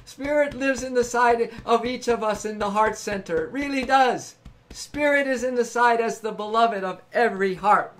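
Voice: medium pitch, moderate pace, over loud music. A spiritual livestream host giving an ecstatic, laughing talk, calling out to viewers and breaking into sung affirmations. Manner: exuberant, laughing, calls out to viewers. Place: home live stream.

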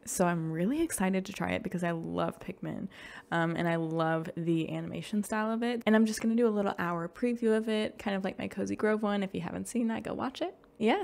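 Gravelly-voiced woman gushing over a game. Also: lowish voice. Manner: soft, gushing reactions, gasps and drops to whispers. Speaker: gaming YouTuber. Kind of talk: cozy game playthrough commentary. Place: home room.

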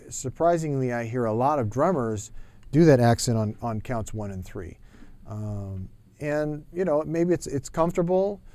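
A man teaching jazz drumming, explaining in a relaxed way with frequent fillers, in a drum studio. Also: medium pitch. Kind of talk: instructional talk to camera.

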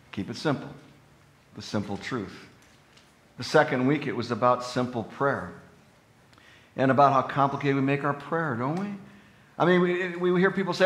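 A man preaching a sermon as pastor, earnest and conversational, rising into animated emphasis on his main points. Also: fairly high pitch. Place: church sanctuary. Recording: echoey church room.

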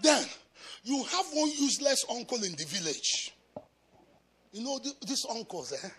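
A man from Africa preaching a sermon as a pastor, shouting in a sing-song chant with bursts of speaking in tongues. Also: very high voice, sing-song, unhurried, slight background noise. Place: church.

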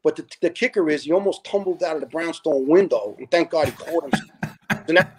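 A middle-aged man, a retired fire lieutenant guesting on a podcast, telling stories in a casual, animated way, acting out dialogue and swearing freely. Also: on the high side, a little fast, a little hiss or hum. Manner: animated, profane storyteller who acts out dialogue. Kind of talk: casual storytelling.

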